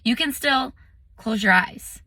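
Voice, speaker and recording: A woman meditation teacher in a casual vlog, chatty and animated, telling a story with lots of "like" and "um". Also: a little high, slow pace, dry recording.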